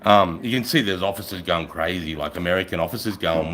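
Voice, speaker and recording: An Australian man, a middle-aged army veteran, telling war stories on a live stream in a casual, profane, animated way. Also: low voice, fairly quick, hardly any pauses, rough recording. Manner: profane, animated, acts out voices. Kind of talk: casual storytelling.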